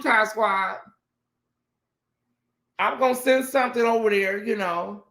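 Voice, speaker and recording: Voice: mid-range voice, measured pace, pauses often, sharp tone, roomy sound. A livestream host doing sassy, dramatic chat commentary and talking straight to the viewers.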